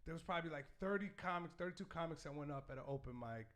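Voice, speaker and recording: Brief: comedian guest, male, high and bright, lively casual storyteller. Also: rapid-fire. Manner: animated, laughing storyteller.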